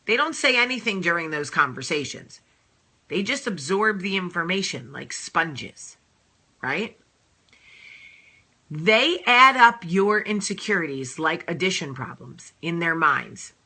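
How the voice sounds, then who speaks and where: Sassy, bright-voiced woman vlogger. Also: lowish voice, unhurried. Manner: animated, emphatic, sassy. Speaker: host. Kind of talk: casual advice vlog talk.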